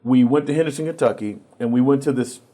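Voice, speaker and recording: A man telling stories on a TV interview show. He speaks at a middle pitch and brings the people he quotes to life as he goes. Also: quick pace. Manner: relaxed storyteller acting out quoted voices, with frequent restarts. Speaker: guest. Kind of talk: storytelling in a TV interview.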